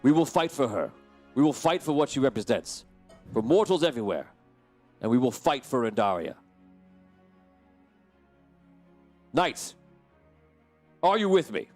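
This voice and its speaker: A man's voice: mid-range voice, very animated, a little fast, darkish tone, faint music behind. A man playing Thalwin, an impassioned knight commander. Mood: rallying. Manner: impassioned, declamatory speeches. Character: noble male knight commander rallying his troops.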